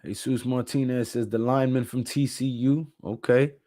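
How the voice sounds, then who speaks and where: Brief: male live-stream host, tired, laid-back, mellow dark tone, dry close sound. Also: mid-range voice, fairly even intonation, moderate pace, dry recording. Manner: laid-back, reads chat comments aloud. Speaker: livestream host. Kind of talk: casual live-stream chat.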